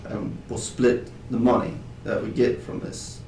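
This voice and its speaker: A man voicing a drunk, secretive male treasure hunter who rambles in a hushed, conspiratorial way, recorded on a distant mic in a roomy space. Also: medium pitch, monotone, a little slow, creaky, a little hiss or hum.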